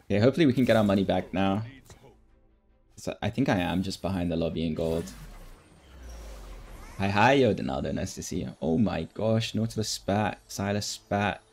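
A man streaming a strategy game, thinking aloud in casual commentary with relaxed, mumbled asides. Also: low-pitched, a little fast, gravelly, soft background music.

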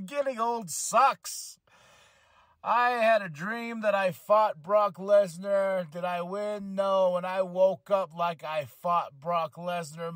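Animated man hosting a wrestling podcast. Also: high voice, no room sound, studio quality. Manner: animated storytelling with laughs and acted-out quotes. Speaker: podcast host. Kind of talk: casual wrestling recap chat.

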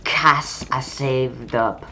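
A woman with a low voice drawls through casual gaming commentary, trading sarcastic jabs with other players. Her talk is slow and mumbly, and keyboard typing and mouse clicks sound clearly in the background. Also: fairly even intonation, very noisy. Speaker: gamer streamer.

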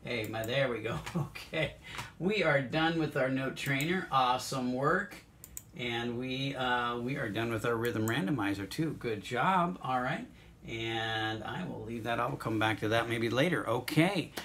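A man's voice: medium pitch, unhurried, a bit bright, slight background noise. Encouraging male music teacher. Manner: encouraging, talks students through exercises. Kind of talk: online music lesson.

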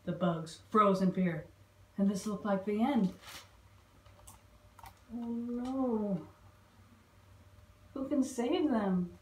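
A woman librarian reading a picture book aloud to young children, expressive and stopping to ask them questions. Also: medium pitch, drawn-out words, pauses often, a little hiss or hum. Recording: roomy echo.

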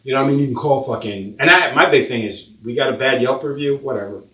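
Profane, animated male storyteller, bright roomy sound. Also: mid-range voice, fast talker, recorded from a distance. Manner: profane, animated storyteller acting out both sides. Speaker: podcast host, tattoo shop owner. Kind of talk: casual storytelling chat.

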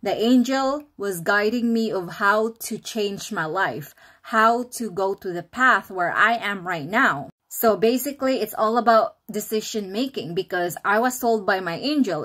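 A woman's voice: medium pitch, expressive, unhurried, a bit bright. Earnest woman telling her life story. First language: Filipino. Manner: earnest, repetitive, reflective storytelling; acts out her past self and an inner voice with quoted dialogue. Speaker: vlogger. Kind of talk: personal monologue to camera.

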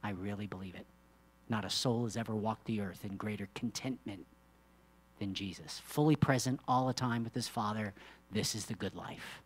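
Preaching at a moderate pace, this man speaks to his congregation in a conversational way. He moves between quiet, low asides and loud emphatic moments, throwing in rhetorical questions and playful teasing.

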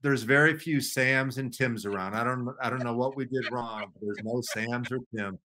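A man co-hosting a sports podcast, talking through his views in a measured, casual way. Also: mid-range voice, bright, forceful tone, slight background noise. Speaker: podcast co-host and analyst.

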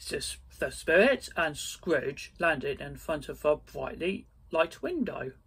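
A man reading a storybook aloud slowly and carefully, with small slips. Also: on the high side, very animated, gravelly, a bit bright, husky.

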